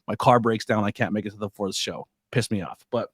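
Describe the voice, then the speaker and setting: A man's voice: on the low side, a little fast, slightly rough, no echo. A man from Pennsylvania hosting a podcast, telling stories animatedly, swearing freely and laughing often. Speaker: podcast host. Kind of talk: casual interview chat.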